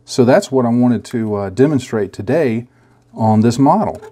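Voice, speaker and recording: A middle-aged man hosting a scale modeling how-to in a casual, easygoing way, chuckling at himself and pausing with fillers. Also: medium pitch, expressive, mellow. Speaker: scale modeling tutorial host.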